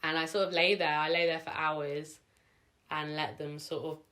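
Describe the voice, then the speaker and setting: A young woman with a low voice tells a personal story at home. She rambles and leans on "like" and "sort of". She gets emotional and chokes up now and then. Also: flat delivery, normal speed, fairly bright tone. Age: young adult. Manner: emotional, sometimes tearing up. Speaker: vlogger.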